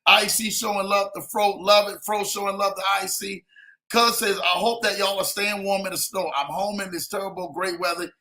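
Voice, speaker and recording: A man hosting a casual livestream, hyping viewers with shout-outs and repeated "man" between phrases. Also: high voice, fairly even intonation, moderate pace, echoey room. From lives in Denver. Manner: hype, repetitive "man" and "in the building". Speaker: livestream host.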